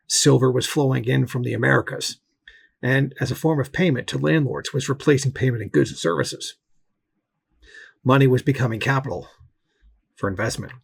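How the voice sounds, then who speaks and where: A man with a gravelly, somewhat husky voice reads a history commentary aloud. His delivery is steady and measured, at a middle pitch, with the odd restart when he trips over a line. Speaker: political commentator.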